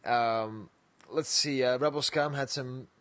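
A man co-hosts a podcast in loose, casual chat, mid-pitched and easygoing. He rambles between topics, laughs often and trails off with "so". His voice sounds dry and close, with no room echo. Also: fairly even intonation, slow pace, a bit bright. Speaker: podcast co-host.

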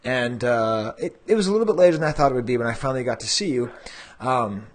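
A man's voice: medium pitch, quick pace. A man hosting a collectors' podcast, chatting in a rambling, self-deprecating way. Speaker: podcast host. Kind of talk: casual podcast chat.

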